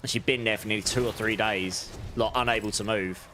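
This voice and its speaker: A man's voice: fairly low pitch, fairly even intonation, a little fast, sharp tone, a little hiss or hum. A British man streaming and chatting casually with viewers, in a rambling, friendly way with frequent restarts. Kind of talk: casual livestream chat.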